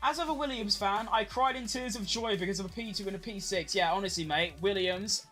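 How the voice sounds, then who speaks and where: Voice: mid-range voice, fairly bright tone. A young adult, hosting a casual live watch-along stream and rambling through chatty commentary with the odd swear.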